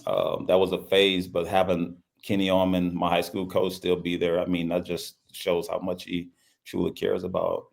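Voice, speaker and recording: A man's voice: low-pitched, normal speed, vocal fry. A middle-aged man from Louisiana, a basketball coach, telling a personal story in an interview in an earnest way, repeating his phrases. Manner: earnest, repeats phrases, acts out quoted speech.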